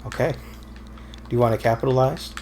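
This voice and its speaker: A man's voice: medium pitch, normal speed, warm tone. Rambling man chatting over a game. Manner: rambling, self-correcting, dry teasing. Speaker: let's play co-host. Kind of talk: casual gameplay commentary.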